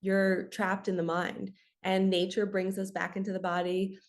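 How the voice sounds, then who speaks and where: A woman's voice: medium pitch, monotone, normal speed. Chatty woman spiritual coach. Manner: earnest, chatty, uses "you guys" and "like". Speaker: spiritual coach and channel host. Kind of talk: solo motivational talk.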